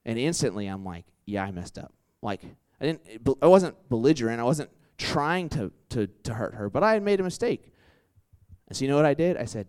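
A man's voice: fairly low pitch, very animated, fairly quick, darkish tone, clean tone. A young man giving a casual campus sermon, telling stories and acting out quotes, with many "like"s and restarts. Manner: conversational, lots of "like" and restarts, acts out quotes. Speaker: campus ministry preacher.

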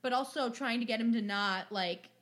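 A young woman chats on a podcast in a bright, somewhat high voice. She tells stories with lively energy, slipping into little impressions and casual swearing. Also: moderate pace. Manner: animated, acts out voices of family in quotes, swears freely. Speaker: podcast co-host. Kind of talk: casual storytelling chat.

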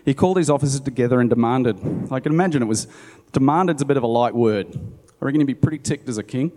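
A man delivering a sermon, reading scripture and stopping to muse about it in a relaxed, conversational way. His voice is mellow and warm. A long hall reverb trails behind every line. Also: mid-range voice, fast talker. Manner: conversational, musing aside. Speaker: preacher. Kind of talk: sermon, Bible reading with commentary.

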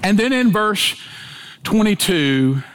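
A man preaching a sermon with emphatic delivery and dramatic swings in pitch and pace. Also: very animated, slow, a bit bright. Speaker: pastor.

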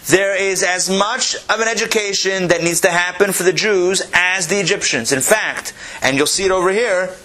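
A man teaching a Torah class, animated, repeating phrases and asking his listeners questions. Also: high-pitched, normal speed.

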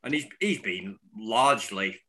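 A man talking football on a podcast with a very bright, forceful tone. His pitch swings widely as he jokes, laughs and swears through the chat. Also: unhurried. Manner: animated, laughing, sweary banter. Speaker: podcast co-host.

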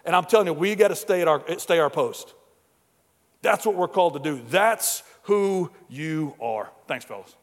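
A man preaching a sermon at a men's breakfast, energetic and exhorting, often repeating words as he starts a phrase. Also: fairly high pitch, moderate pace, in a large hall.

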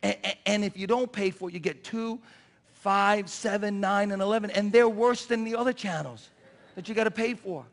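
A man preaching an impassioned sermon, building to shouted peaks with a repetitive cadence. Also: sits high, normal speed, gravelly, big-room sound.

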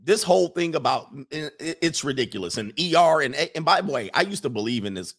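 A man's voice: a little high, expressive, a little fast, fairly bright tone. A man hosting a casual livestream, reading chat comments and giving emphatic opinions, often repeating phrases for effect.

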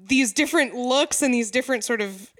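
A woman's voice: fairly high pitch, brisk, no echo. Woman co-host, easygoing chatter, dry close-mic recording. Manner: chatty, many "like" fillers, laughs at own jokes. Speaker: podcast co-host. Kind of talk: casual chat.

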